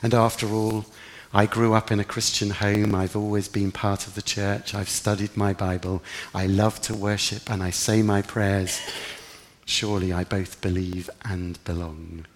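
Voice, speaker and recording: A man's voice: on the low side, flat delivery, unhurried, in a large hall. A man preaching a sermon in an earnest, reflective way, lifting his voice for emphasis. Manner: earnest, reflective, rising with emphasis in quoted prayers.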